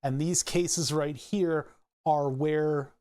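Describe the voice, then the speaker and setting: A man's voice: a little high, steady tone, slow, darkish tone. Chatty man walking through his code. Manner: rambling, self-correcting, laughs at himself. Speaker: hobbyist electronics maker. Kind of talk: casual code walkthrough.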